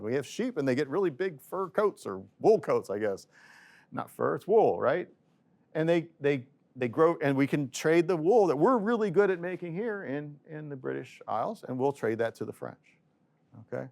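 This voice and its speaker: Man giving a casual economics lecture. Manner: conversational, acts out quotes with raised pitch.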